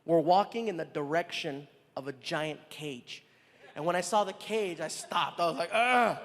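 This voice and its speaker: A man doing stand-up, telling a story and acting out the people in it with quick voice changes. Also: a little high. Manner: animated, acts out characters with shifting voices. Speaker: stand-up comedian. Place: large live venue with audience laughter. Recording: live hall with crowd noise.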